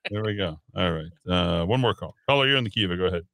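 A man's voice: sits low, lively intonation, fast talker, creaky, a bit bright, no room sound. A man hosting a talk radio show in casual banter, sarcastic, teasing and blunt, on a studio microphone.

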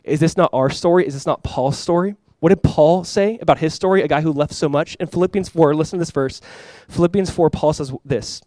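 A male pastor from California preaches quickly, his mellow voice sitting a little high for a man. His sermon is conversational and emphatic, with asides and direct appeals to listeners, recorded close and dry with little echo.

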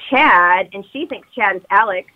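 A woman's voice: mid-range voice, lively intonation, moderate pace, narrow, tinny audio. A woman co-hosting a podcast, recapping a movie as a chatty, rambling storyteller. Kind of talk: casual chat recapping a movie.

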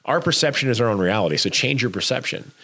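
A man's voice: mid-range voice, lively intonation, fast, pushed and bright. A man co-hosting a casual chat, urging listeners to be kind, talking emphatically and bluntly with frequent restarts.

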